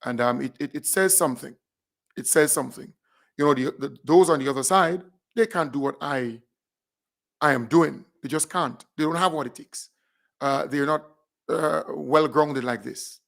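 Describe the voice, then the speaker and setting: A man with a Grenadian accent hosting a radio show, animated, repeating himself as he calls out names and thanks listeners. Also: fairly high pitch, normal speed, creaky. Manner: animated, repeats phrases, big up shout-outs. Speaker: radio host. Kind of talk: casual radio shout-outs.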